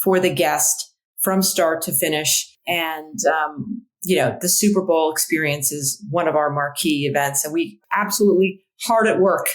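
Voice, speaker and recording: A woman's voice: sits low, moderate pace, low-quality recording. Enthusiastic woman executive in her forties. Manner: enthusiastic, with some restarts. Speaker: marketing executive guest. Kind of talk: casual interview.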